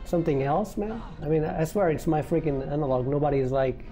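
A man's voice: on the high side, brisk, dark tone. A man giving casual, profane commentary while playing a video game and reacting to it. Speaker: gameplay commentator. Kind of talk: casual let's-play commentary. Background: game music.

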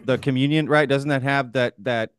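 Smooth-voiced male podcast host. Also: mid-range voice, fairly even intonation, no room sound, clean studio sound. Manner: short questions and quick acknowledgements. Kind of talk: podcast conversation.

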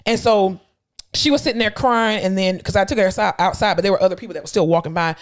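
A woman in her thirties co-hosts a casual podcast and talks at a quick clip. She is blunt and emphatic and swears freely as she tells workplace stories, at an even middle pitch. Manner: blunt, fast-talking storyteller, profane and emphatic. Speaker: podcast co-host and clinical instructor.

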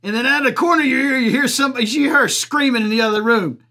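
A man voices a blunt, crude Southern country commentator persona in an improvised comic rant, drawling and cracking himself up. He speaks rapid-fire in a very high-pitched, bright, forceful voice.

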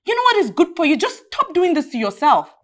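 A blunt, scolding best friend. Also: female voice, very high voice, big pitch swings, brisk. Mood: exasperated. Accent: Nigerian. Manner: scolding, lecturing, tough love.

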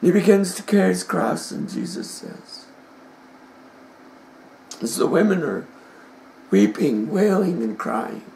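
A man preaching a dramatic sermon, retelling the story with passion and swinging from hushed tones to shouting. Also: high voice, big pitch swings, takes it slowly, gravelly, pauses often, a little hiss or hum. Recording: echoey room.

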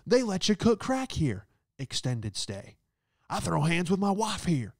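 A man doing the voice of a down-and-out guy in a mock TV commercial, with a loud, deadpan pitchman delivery. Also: unhurried, dry recording, studio quality, heavily acted. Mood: boastful.

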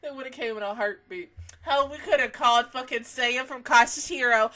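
A woman giving a casual anime reaction review, excitable and swearing, swinging between laughter and mock crying. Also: a little high, normal speed.

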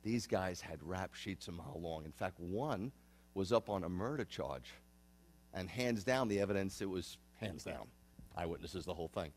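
A man's voice: deep voice, lively intonation, normal speed. Earnest rabbi in his fifties. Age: 50s. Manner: earnest, repeats and restarts phrases. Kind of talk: conversational sermon.

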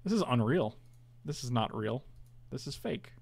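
A man's voice: medium pitch, expressive, moderate pace, vocal fry, darkish tone, husky. A man casually commentating his own online card game, chatty and self-mocking, groaning at his bad draws.

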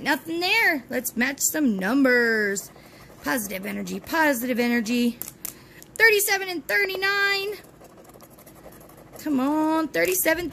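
A high, bright woman's voice with plenty of swing in the pitch, talking in a chatty, cheerful way to her viewers. She hosts a lottery scratch-off channel from home and keeps cheering each ticket on. A faint hum sits behind her. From Texas. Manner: chatty and cheerful, chanting encouragement to herself. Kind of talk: casual chat to viewers while scratching tickets. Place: at home, with dogs nearby.

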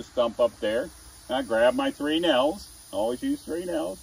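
A man's voice: high voice, huge pitch swings, a little slow, vocal fry, distant mic, a little hiss or hum, rough recording. A middle-aged man, a chainsaw woodcarver, telling chatty folksy stories with chuckles as he demonstrates his craft. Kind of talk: casual storytelling demo.

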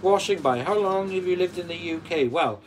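Hosting his channel's live stream, a man from Wales in his forties reads viewer comments and responds conversationally. His voice sits high, and he talks at a moderate pace.

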